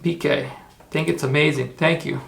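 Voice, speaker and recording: A man's voice: on the high side, fairly even intonation, moderate pace, creaky, a bit bright. A man hosting a casual tutorial livestream, rambling, repeating himself and talking to his chat. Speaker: livestream host.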